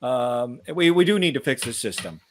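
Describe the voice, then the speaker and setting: A man of ordinary middle pitch talks politics as a co-host. He speaks carefully, pausing on fillers as he thinks. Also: big pitch swings, a little hiss or hum. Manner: measured, hesitant, with fillers. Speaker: podcast co-host. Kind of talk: political talk.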